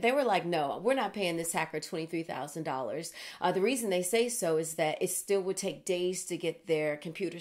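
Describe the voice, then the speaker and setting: A middle-aged woman hosting an online news show, talking casually with animated asides and laughing at herself. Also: lowish voice. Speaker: host.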